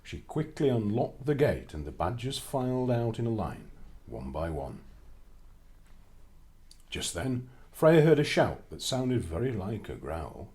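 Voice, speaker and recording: A man takes his time reading a children's storybook aloud, his fairly low voice swinging widely up and down in pitch. The delivery is lively and full of expression.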